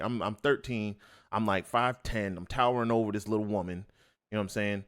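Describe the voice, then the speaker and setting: A man's voice: fairly low pitch, fairly quick. A man co-hosting a podcast, telling casual stories and acting out the voices of the people in them. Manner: animated, acts out quotes. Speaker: podcast co-host. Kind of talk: casual storytelling chat. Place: podcast studio.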